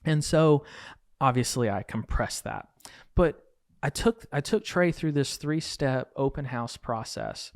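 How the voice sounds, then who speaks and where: A man hosting a podcast, telling a coaching story in a lively way and acting out the quoted dialogue. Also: medium pitch, unhurried, no room sound, studio quality. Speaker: podcast host and real estate coach.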